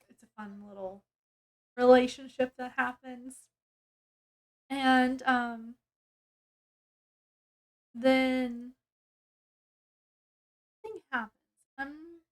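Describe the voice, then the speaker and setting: High-voiced woman rambling through a plot. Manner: rambling, lots of fillers and restarts. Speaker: book reviewer. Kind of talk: casual plot retelling.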